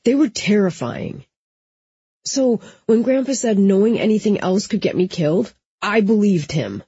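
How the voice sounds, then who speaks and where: Woman reading a quiet, shaken young man, mellow and husky, dry and slightly dull recording. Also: high-pitched, moderate pace, no echo, exaggerated voice. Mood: uneasy. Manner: quiet, hushed. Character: young man confessing a family secret, shaken.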